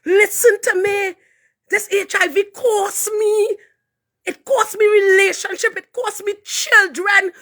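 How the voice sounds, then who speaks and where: A woman with a Trinidadian accent who is a minister, giving an impassioned live testimony with fervent, preaching delivery that rises to shouts. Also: very high-pitched, steady tone, slow pace. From Trinidad and Tobago. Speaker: minister and hairdresser.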